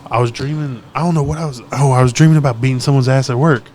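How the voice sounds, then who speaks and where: A man's voice: mid-range voice, very fast. A man in casual podcast chat, telling profane stories and acting out the quotes. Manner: profane, animated storytelling with acted-out quotes.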